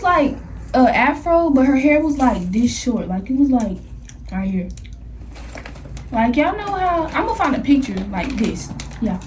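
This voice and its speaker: A young woman vlogger telling a story in an animated, slangy way, laughing often. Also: high-pitched. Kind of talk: storytime vlog. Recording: somewhat distant mic with faint noise.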